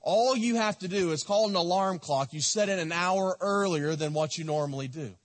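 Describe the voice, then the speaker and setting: A man's voice: sits high, normal speed. A man preaching a sermon as a pastor, exhorting and repeating his points, asking the congregation questions. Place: church sanctuary. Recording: echoey hall.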